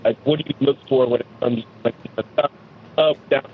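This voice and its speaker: Brief: male phone caller, hesitant and polite, mid-pitched voice, tinny line with faint hiss. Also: steady tone, brisk. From United States. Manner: hesitant, polite, lots of fillers.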